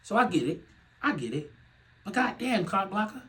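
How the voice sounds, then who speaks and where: A young man hosting a podcast, ranting in a loose comedic way. He laughs often, swears freely and swings from loud outbursts to low muttering. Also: very animated, moderate pace, rough recording. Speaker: podcast host. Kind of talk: casual comedic rant.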